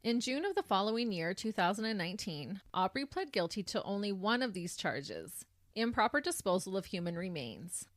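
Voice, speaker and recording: A woman co-hosting a true crime podcast, walking through the case step by step. She sits at a mid pitch, and the recording is close and dry with no room sound. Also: normal speed, hardly any pauses, dry recording. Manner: tells the case in detail, animated when reacting. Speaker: podcast co-host.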